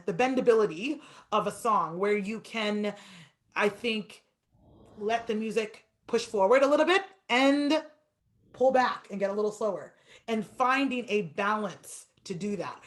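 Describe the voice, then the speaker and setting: A woman piano teacher giving a masterclass, talking fast and stretching words for emphasis. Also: medium pitch, fairly bright tone.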